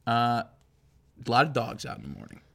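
A man's voice: mid-range voice, very animated, brisk, gravelly, pushed and bright. A man co-hosting a podcast, chatting casually in a jokey, sarcastic way and swearing freely. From East Coast US. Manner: jokey, sarcastic, puts on silly voices. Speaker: podcast co-host. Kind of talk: casual chat.

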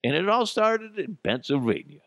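A man's voice: high-pitched, very animated, normal speed, no echo, studio quality. A male podcast host delivering a comedic news rant, profane and sarcastic, wandering off on tangents. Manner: tangents and laughter-breaks.

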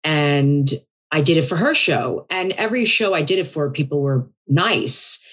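A woman comedian talking casually on a podcast, her voice sitting low. She tells stories with animation and slips into quick voices for the people in them. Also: a bit bright, breathy edge, highs cut off. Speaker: stand-up comedian guest.

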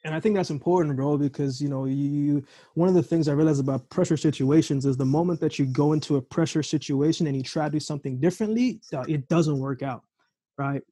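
A podcast host leads a casual conversation, speaking fast in a fairly high-pitched voice with no room sound. He tells animated stories packed with quoted back-and-forth dialogue.

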